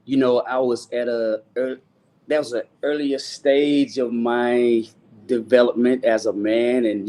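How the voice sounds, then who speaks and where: A man's voice: medium pitch, darkish tone. A middle-aged man, a singer talking loosely in an interview and filling his talk with "you know what I'm saying". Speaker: guest singer.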